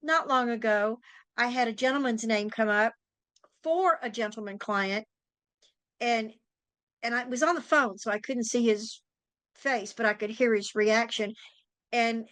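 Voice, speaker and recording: A woman's voice: a little high, fairly bright tone, no room sound. A woman hosting a talk show as a psychic, chatting casually and telling anecdotes in a storytelling way. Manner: chatty storyteller, acts out quoted voices. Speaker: psychic and tarot teacher, podcast host. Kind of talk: casual interview chat.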